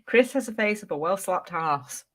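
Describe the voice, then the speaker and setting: A woman's voice: mid-range voice, animated, normal speed, fairly bright tone. A woman co-hosting a casual live chat, reading out viewer comments, playful and teasing, laughing often. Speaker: co-host of a reselling live stream.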